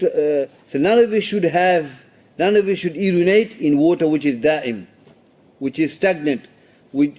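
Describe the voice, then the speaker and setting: Guy teaching a class, kinda high voice, explains slowly, keeps asking "okay?", switches into arabic quotes. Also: dark tone. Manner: explains in plain English, mixing in Arabic terms and quoted hadith recitation; repeats himself and checks understanding with "okay?". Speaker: Islamic studies teacher. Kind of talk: classroom lesson explaining hadith.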